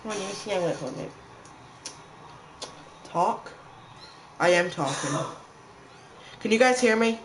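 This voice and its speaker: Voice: medium pitch, lively intonation, measured pace, pauses often, background noise. A gamer doing casual let's-play commentary, chatting to viewers and reading game text aloud. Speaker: gamer playing a survival game.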